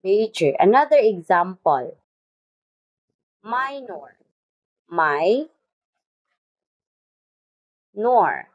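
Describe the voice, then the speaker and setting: A woman's voice: fairly low pitch, darkish tone, muffled recording. A woman teacher giving a phonics lesson in English, repeating each word and spelling out its syllables.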